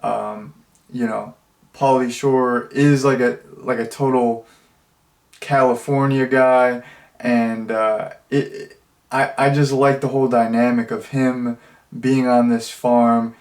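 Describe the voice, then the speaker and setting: A man's voice: mid-range voice, flat delivery, slow. A man giving a casual spoken movie review, rambling and enthusiastic, who acts out quoted lines now and then.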